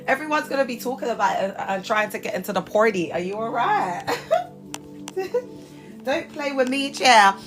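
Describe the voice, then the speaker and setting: Animated British woman chatting on a live stream. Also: fairly high pitch, normal speed, pauses often, music in the background. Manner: chatty and animated, laughs often, heavy slang. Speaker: livestream host. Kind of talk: casual livestream chat.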